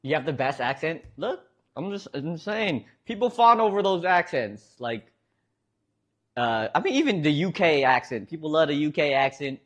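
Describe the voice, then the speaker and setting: A man's voice: fairly high pitch, expressive, moderate pace, a bit bright. A man streaming, chatting casually with his viewers in a rambling, hesitant way, restarting sentences and chuckling.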